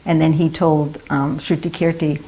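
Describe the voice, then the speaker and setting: An older woman telling lively, amused stories from her time as a devotee, with laughter in her voice. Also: sits low, normal speed. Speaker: devotee sharing memories. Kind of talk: anecdotal storytelling.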